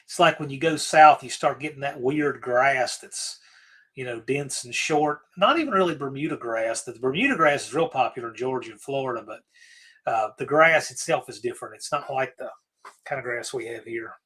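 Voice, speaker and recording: A man's voice: mid-range voice, expressive, moderate pace, fairly bright tone, slightly rough, low-quality recording. A man from Virginia hosting a casual livestream, rambling easygoingly through viewer comments and often trailing off to restart. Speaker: livestream host. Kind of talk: casual live-stream chat, answering viewer comments.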